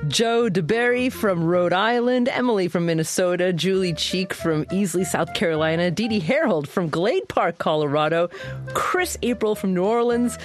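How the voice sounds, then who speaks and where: A woman hosting a public radio talk show, speaking in an articulate, measured way. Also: fairly low pitch, lively intonation, soft background music.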